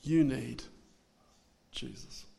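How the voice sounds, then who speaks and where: A man preaching a sermon, swinging between loud dramatic declarations and hushed asides. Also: mid-range voice, extremely slow, creaky.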